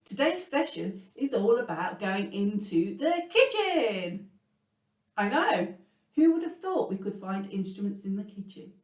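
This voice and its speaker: An English woman leading a children's music lesson, animated and sing-song, swinging between loud words and whispers. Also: medium pitch, unhurried. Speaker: music teacher. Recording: echoey room, voice from a distance.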